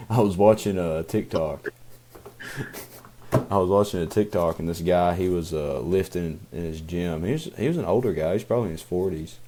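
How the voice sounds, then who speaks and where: A man's voice: sits low, normal speed, dark tone, a little hiss or hum. A young man co-hosting a podcast, talking casually in a rambling way with many fillers and restarts. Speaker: podcast co-host. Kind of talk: casual chat.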